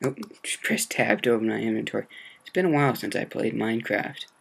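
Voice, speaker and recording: A man hosting a game let's-play, talking in a hushed, low-key and rambling way, with a slight sore throat. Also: fairly even intonation, fast talker, gravelly, husky. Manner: quiet, low-key, meandering. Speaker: gaming video host.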